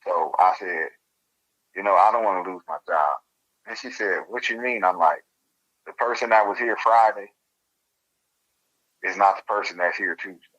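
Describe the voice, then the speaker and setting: A man, telling his story as an interview guest in a casual, animated way and laughing as he goes. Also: low voice, normal speed, pauses often, lo-fi sound.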